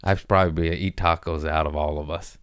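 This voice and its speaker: A man with a low voice hosts a loose comedy podcast. He rambles from one bit to the next, swears freely and gets excitable. The sound is close and dry, like a small studio. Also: brisk, smooth, no echo. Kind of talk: casual podcast chat.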